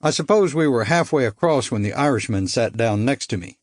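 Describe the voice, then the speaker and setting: A man narrating a first-person thriller audiobook in a measured, dry storytelling manner. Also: medium pitch, expressive, no room sound.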